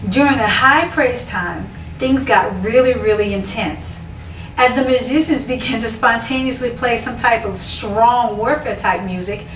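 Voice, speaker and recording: A woman telling a personal testimony to camera, animated and storytelling, with excited outbursts when she quotes herself. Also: a little high, slight background noise. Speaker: dance minister sharing a testimony. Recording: echoey room from far off with faint ambience.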